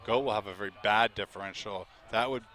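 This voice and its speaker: A man doing live play-by-play commentary, chatty and quick to laugh, with an outdoor crowd behind him. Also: lowish voice, steady tone, pushed and bright.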